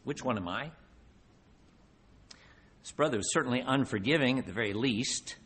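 A man preaching a sermon, posing rhetorical questions and slowing down to stress key words. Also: medium pitch, fairly bright tone, husky. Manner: rhetorical questions, slows down for emphasis.

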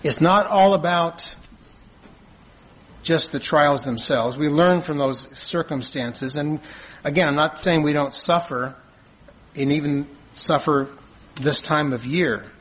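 A man preaching a sermon in an earnest, measured way, asking rhetorical questions and answering them. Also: a little high, fairly bright tone, slightly rough, low-quality recording. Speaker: pastor.

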